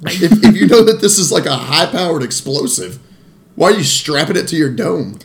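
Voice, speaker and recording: A man on a casual movie podcast with a gravelly, fry-heavy voice that sits a little high. He jokes crudely and laughs a lot. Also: sing-song, normal speed, slight background noise. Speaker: podcast co-host.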